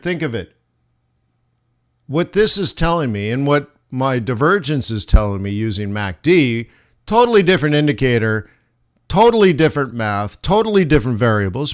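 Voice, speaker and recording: With a medium-pitched, slightly bright voice, the man walks viewers through charts in his live forex trading lesson, chatting casually and asking them rhetorical questions.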